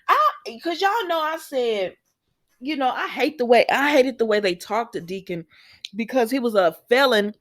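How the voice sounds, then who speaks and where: A woman's voice: a little high, brisk. A woman hosting a casual recap vlog of a soap opera, talking straight to her viewers and acting out what the characters said. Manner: animated storytelling, acts out the quoted lines; chatty and informal, talks straight to viewers.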